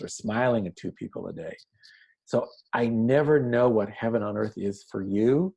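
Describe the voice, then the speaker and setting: Low gravelly man, earnest explainer. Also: darkish tone, poor audio. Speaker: author and interview guest. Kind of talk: conversational interview.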